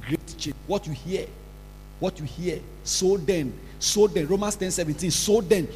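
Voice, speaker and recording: A man preaching a sermon, scolding and repeating himself, breaking into shouts, recorded in a large church hall. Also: sits high, animated, moderate pace, husky. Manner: scolding, repetitive, bursts into shouts. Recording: reverberant hall with faint music.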